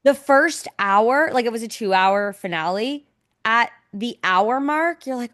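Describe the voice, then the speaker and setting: A woman's voice: fairly high pitch, animated, a little slow, fairly bright tone. Young woman, podcast co-host, casual chat, dramatic and emotional, swears a lot.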